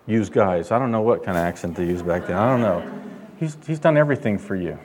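A male pastor delivering a sermon, emphatic, rising and getting louder when he quotes God. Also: on the low side, expressive, fast talker, a little hiss or hum. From California. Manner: emphatic preaching, loud when quoting God.

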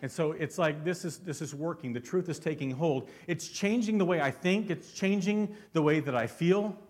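A man's voice: fairly high pitch, normal speed. A man preaching a sermon as pastor, fervent and constantly asking his congregation questions.

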